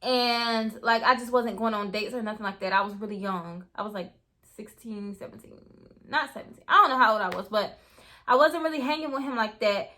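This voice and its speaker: A young woman spins a story with a high, bright voice. She talks casually and with energy, swears freely and keeps turning to her listeners. The voice sits well above the usual range and has a crisp edge. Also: a little fast. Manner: animated, swears freely, keeps addressing viewers as "y'all". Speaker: storytime vlogger.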